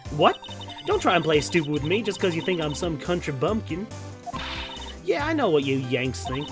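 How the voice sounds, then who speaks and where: A man voicing a feisty, loud Southern woman photographer with an exaggerated drawl. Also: fairly high pitch, big pitch swings, moderate pace, music in the background. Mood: indignant. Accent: American Southern.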